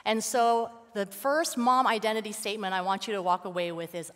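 A woman giving a lively, conversational sermon as a guest speaker, telling stories with casual fillers. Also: medium pitch, brisk, in a large hall. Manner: animated, casual storytelling with fillers. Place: church sanctuary.

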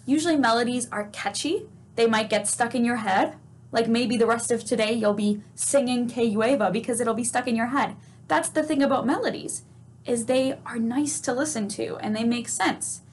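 A woman's voice: on the high side, normal speed, slight background noise. A woman teaching a children's music lesson, patient and encouraging, asking questions and singing and chanting examples. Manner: sings note names and chants.

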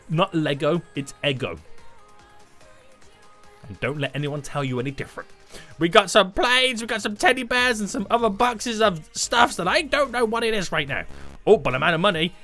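A man giving loud, jokey commentary while playing a video game, breaking into sudden shouts. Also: high-pitched. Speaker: gaming YouTuber. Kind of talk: energetic gameplay commentary.

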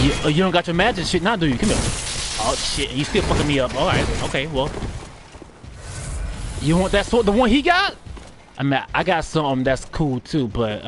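A man's voice: medium pitch, noisy background. A man doing live gameplay commentary, trash-talking and cursing at enemies while he plays. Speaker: gaming streamer.

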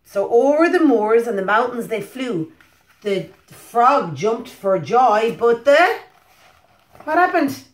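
A woman preschool teacher reads a picture book aloud with a fairly high voice. She keeps it animated and stops often to ask the children questions. The sound is roomy and echoey. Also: takes it slowly.

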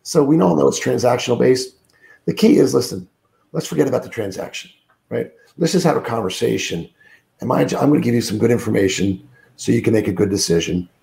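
A man's voice: mid-range voice, fairly quick, creaky, warm tone. A middle-aged man, a sales trainer guest on a podcast, speaking emphatically with many fillers in a groggy, sick voice from a room on a remote call. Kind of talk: podcast interview, coaching talk.

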